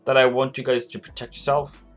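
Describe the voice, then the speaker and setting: A man's voice: mid-range voice, flat delivery, brisk, soft background music. A man hosting a live trading stream, chatting casually, answering viewers by name and laughing often. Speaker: forex trading livestream host.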